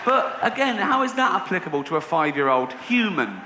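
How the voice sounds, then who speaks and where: An English man performing a stand-up comedy routine on a theatre stage, telling stories deadpan and then ranting in disbelief. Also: high-pitched, brisk, a crowd in the background. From England. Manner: storytelling, deadpan then rising to incredulous rants. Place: theatre stage with a laughing audience. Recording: noisy live venue recording.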